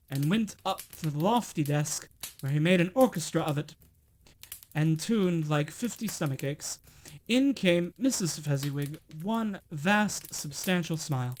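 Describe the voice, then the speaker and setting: Male reader, slightly high voice; expressive storybook narration with small self-corrections. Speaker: streamer reading aloud. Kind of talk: storybook reading aloud.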